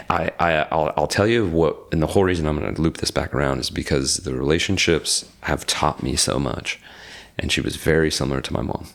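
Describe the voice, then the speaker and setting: A gravelly, very deep male voice, fairly quick, belongs to a man in his forties from Reno. He's a podcast guest in a casual interview, telling a personal story with animation and performing the other people's quoted lines.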